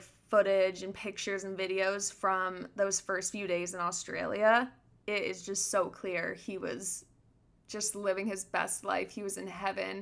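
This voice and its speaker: A woman's voice: medium pitch, gravelly, bright, forceful tone. A young woman hosting a podcast, sharing a painful personal story in an earnest, reflective way, with many "like" fillers. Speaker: podcast host.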